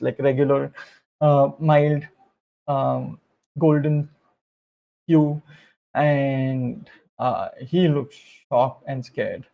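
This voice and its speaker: A man's voice: medium pitch, creaky, a little mellow, lo-fi sound. A man narrating a tabletop game as game master, rambling with many fillers and restarts.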